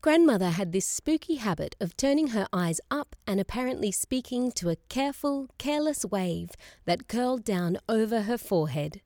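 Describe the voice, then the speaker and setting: A woman's voice: mid-range voice, no echo. Woman reading a novel, dry close mic. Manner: measured, expressive storytelling. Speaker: audiobook reader. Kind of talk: scripted narration.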